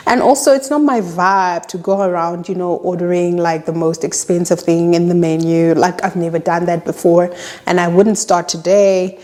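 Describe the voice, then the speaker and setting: South african girl telling a dating story, kinda low voice, jumps up high when she acts stuff out. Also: normal speed. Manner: animated, acts out quoted lines with pitch jumps. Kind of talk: casual storytime monologue.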